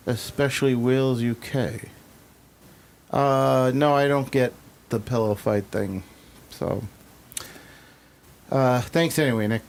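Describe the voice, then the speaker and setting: A man's voice: mid-range voice, a little mellow, a little hiss or hum. A man hosting an interview in casual chat, rambling and laughing at his own jokes. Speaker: host.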